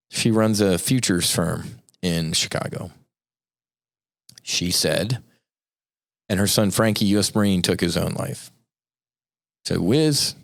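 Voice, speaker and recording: A man's voice: low voice, creaky. A man who founded a nonprofit, ranting as a podcast guest in a profane, fired-up, rambling way with sarcastic asides. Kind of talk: impassioned podcast rant.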